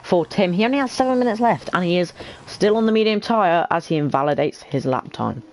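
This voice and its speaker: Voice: mid-range voice, lively intonation, a little fast, a little hiss or hum, low-quality recording. A commentator giving lap-by-lap updates on a sim racing session in a casual, chatty way. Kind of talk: live race commentary.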